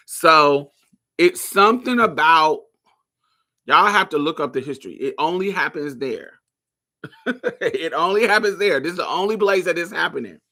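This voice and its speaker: A man's voice: mid-range voice, sharp tone. A man from Indianapolis hosting a show, talking loosely and profanely and keeping checking that listeners are following. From Indianapolis, USA. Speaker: podcast host. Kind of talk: casual livestream commentary.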